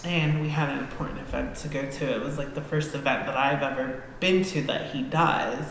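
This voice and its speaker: Gravelly woman telling a story. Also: sits low, fairly quick. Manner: animated, swears freely, reenacts scenes. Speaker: podcast guest. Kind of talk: casual storytelling. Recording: echoey hall-like room with faint noise.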